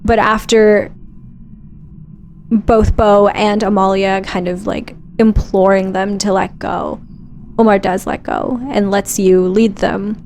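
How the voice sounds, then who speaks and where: A woman narrating her character's actions in a tabletop game, slow and descriptive with some hesitation. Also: medium pitch, level tone, creaky, darkish tone, slight background noise. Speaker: player.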